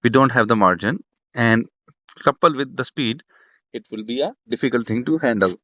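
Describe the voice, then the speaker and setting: A man's voice: mid-range voice, moderate pace, a bit bright, no room sound. A man teaching an online exam prep class, talking loosely and repeating himself with many restarts. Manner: repetitive, restarts a lot, lots of fillers. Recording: dull, dry lo-fi sound.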